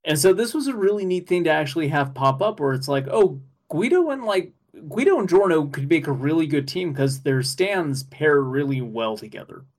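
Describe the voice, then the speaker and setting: A man co-hosting a podcast, chatting casually and excitedly, laughing often and rambling with fillers. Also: a little high, brisk, few pauses. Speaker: podcast co-host. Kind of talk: casual chat recapping an anime episode.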